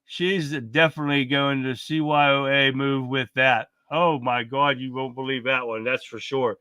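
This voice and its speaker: A man's voice: medium pitch, fairly even intonation, moderate pace, bright, forceful tone, smooth, dry recording. A man hosting a casual political livestream, talking bluntly, swearing and greeting chat viewers by name. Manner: blunt, swearing, reads chat comments aloud. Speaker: livestream host.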